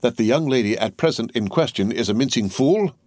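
A man voicing a pompous, blustering barrister who talks in a loud, indignant, hectoring way. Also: medium pitch, animated, fairly quick, no room sound, clean studio sound, voice pushed up, lightly acted. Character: blustering, pompous male barrister, self-assured.

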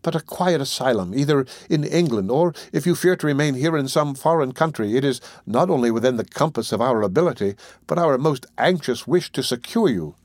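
A man voicing a kindly old gentleman in an audiobook reading, who speaks in a measured, formal and persuasive way. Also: medium pitch, animated, no echo, natural voice. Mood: earnest. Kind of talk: audiobook character voice.

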